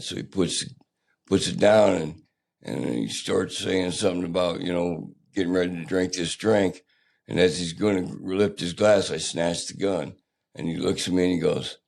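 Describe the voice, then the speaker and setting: Gravelly low-voiced older man. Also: steady tone, a little mellow. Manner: plainspoken, halting, rough-edged storyteller. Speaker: podcast guest. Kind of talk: candid personal storytelling.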